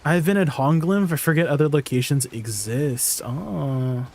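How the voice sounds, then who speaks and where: A man with a somewhat high voice chatting through a casual game stream. He talks in an easygoing way, answers questions from his viewers and laughs easily along the way. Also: unhurried, gravelly, a little mellow. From Canada. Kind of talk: casual gameplay stream chat.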